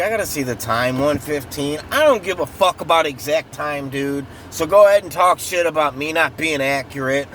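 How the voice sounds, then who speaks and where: A man's voice: on the high side, fairly bright tone. A man in an angry, profane true-crime rant, heated and repetitive, recorded outdoors near traffic. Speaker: vlogger.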